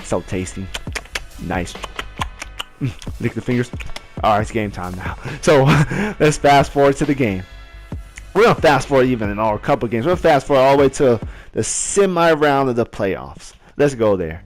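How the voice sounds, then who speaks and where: A man's voice: mid-range voice, lively intonation, normal speed, faint music behind. A young man telling a story casually, laughing a lot and acting out the voices and chants.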